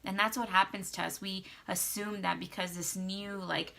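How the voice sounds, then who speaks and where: A woman's voice: mid-range voice, little pitch movement, normal speed, vocal fry, pushed and bright. A young adult woman vlogging casual marriage advice, chatty with many fillers, acting out little quotes. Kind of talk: casual advice talk to camera.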